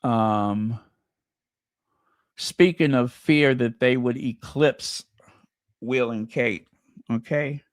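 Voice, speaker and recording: A man's voice: mid-range voice, very slow, pauses often, dry recording, studio quality. A man hosting a gossip channel, chatting casually and muttering to himself as he searches for something and stumbles over words. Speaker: royal gossip channel host. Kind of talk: casual chat.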